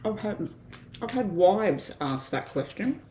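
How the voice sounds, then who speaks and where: A woman reads tarot on a live stream, talking casually and thinking aloud, with plenty of ums and pauses. Her voice sits in a middle pitch. The recording has a roomy echo around it. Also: sing-song, warm tone, slight background noise. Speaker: tarot reader.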